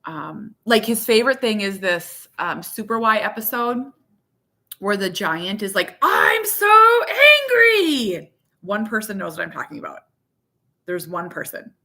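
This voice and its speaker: A woman in her thirties chatting casually to her viewers from her living room, rambling and animated, with lots of "like". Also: medium pitch, moderate pace, creaky. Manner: rambling, heavy use of "like"; candid, animated. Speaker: vlogger, parent.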